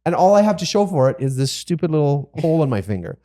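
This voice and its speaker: A man's voice: a little high, quick pace. A man co-hosting a podcast, telling a self-mocking story about a job-site injury in a casual way. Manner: self-mocking, animated when quoting himself. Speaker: podcast co-host, builder.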